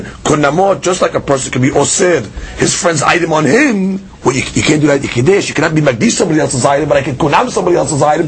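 A man giving a Talmud study lecture, explaining with questions and answers and shifting his pitch and pace for emphasis. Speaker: Talmud teacher.

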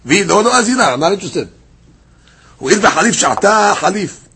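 A man teaching a daily Talmud class, reading passages aloud and retelling them as a lively story. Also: high voice, normal speed, noisy background. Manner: lively storytelling, reads Aramaic then explains in English.

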